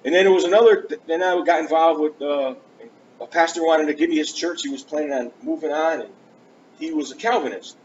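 A man's voice: on the high side, a little fast. A man preaching in church, earnestly telling his own story and acting out conversations along the way. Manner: earnest, animated, acts out conversations. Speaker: preacher giving his testimony. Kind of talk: storytelling sermon. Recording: dull lo-fi church recording with faint hiss.

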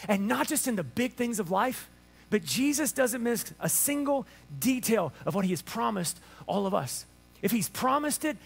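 Pastor guy preaching easter, high gravelly voice, playful and animated. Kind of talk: Easter sermon. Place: church sanctuary before a congregation.

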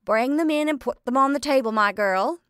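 A woman's voice: high-pitched, fairly quick, fairly bright tone, clean tone, no room sound, studio quality, voice pushed up. A woman reading a story aloud, voicing a comfortable, motherly household cook. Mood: homely. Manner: homely, indulgent.

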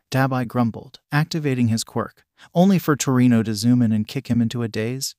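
A man narrating a fan fiction story in a steady, even reading voice. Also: mid-range voice, a little fast, no room sound, clean studio sound.

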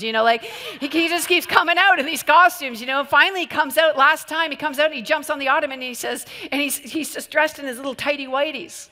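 A woman's voice: high-pitched, quick pace. Woman preaching in a ringing hall. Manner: animated storytelling with laughter. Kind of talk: sermon. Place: church hall. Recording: long reverb of a large hall.

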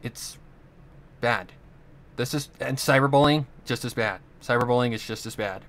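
A man's voice: medium pitch, normal speed, fairly bright tone, slight background noise. A young man talking into the camera in a rambling, earnest monologue, swearing often as he talks about his own past. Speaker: channel host. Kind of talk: casual monologue.

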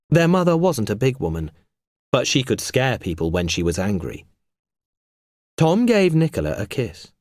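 Guy reading a storybook aloud for english learners, lively pitch, dry close mic. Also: no room sound. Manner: clear and measured for learners. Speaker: audiobook narrator. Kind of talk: scripted storybook narration.

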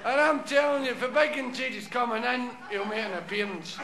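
A man's voice: very high voice, fairly quick, vocal fry, background noise, pitched above the performer's own voice. A man with a Glasgow accent voicing a big seasoned apostle who talks down to a younger one. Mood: reassuring. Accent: Scottish (Glasgow). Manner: knowing, patronising, pub-hardened. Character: big seasoned male apostle, gruff and reassuring. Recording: echoey live hall with loud audience.

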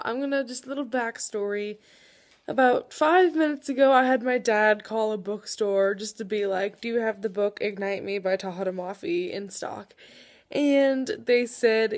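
A teenage girl vlogging about a new book, gushing and swinging between hushed whispers and excited squeals. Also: medium pitch. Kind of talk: excited casual vlog. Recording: faint background noise.

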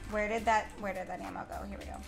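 A young woman streaming a game live and commenting as she plays, excitable and gushing, with frequent squeals and repeated exclamations. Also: mid-range voice, fast, creaky. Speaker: gaming streamer. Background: music playing under the voice.

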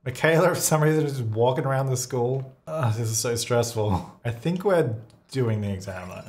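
A young man casually commentating a life-simulation game, animated and exasperated, laughing often. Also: mid-range voice, normal speed. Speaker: gaming video host. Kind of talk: casual let's-play commentary.

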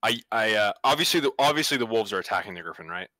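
A man's voice: fairly low pitch, animated, very fast, sharp tone, no echo. A man playing a tabletop game in casual chat, stammering, laughing often and joking. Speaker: player.

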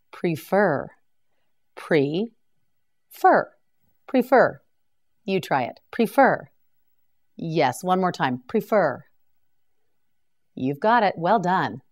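A woman leads a vocabulary drill at a very slow, deliberate pace. Her voice sits on the lower side, and she pronounces each word with care so learners can repeat it. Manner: slow, careful word-by-word pronunciation. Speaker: English vocabulary teacher.

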